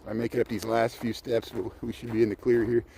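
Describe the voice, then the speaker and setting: An American man talks loosely and digresses as he walks outside, his voice at an ordinary middle pitch. He sounds like he is livestreaming from a handheld phone. A faint hum of traffic sits behind him. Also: flat delivery, quick pace, warm tone. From United States. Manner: chatty, digressive, talks while walking. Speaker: vlogger livestreaming a city walk. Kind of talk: rambling casual livestream chat. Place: outdoors on winter city streets and paths.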